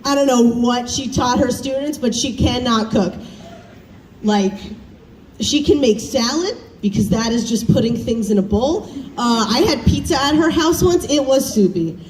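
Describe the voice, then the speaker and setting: A young woman from the American South performing a self-deprecating stand-up set, chatty and animated as she tells family stories. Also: fairly high pitch, moderate pace, a little hiss or hum. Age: young adult. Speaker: student stand-up comic. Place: campus showcase stage. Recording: roomy, distant stage recording with faint ambience.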